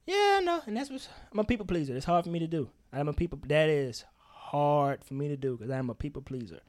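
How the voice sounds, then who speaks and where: Guy on a podcast, kinda high voice, animated and emphatic, swears a lot. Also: fast. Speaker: podcast co-host. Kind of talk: candid casual chat.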